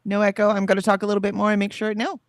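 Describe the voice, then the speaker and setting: A woman's voice: medium pitch, monotone, rapid-fire, dry recording. A woman with a Southern US accent, co-hosting a casual morning stream, reading chat messages aloud and laughing easily. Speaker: stream co-host. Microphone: headphones with mic.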